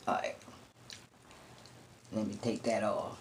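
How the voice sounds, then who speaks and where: A woman's voice: extremely low pitch, animated, slow, long pauses. A woman hosting a seafood eating show, chewing between short remarks, humming with enjoyment and talking straight to her viewers. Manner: addresses viewers directly and teasingly. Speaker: mukbang host.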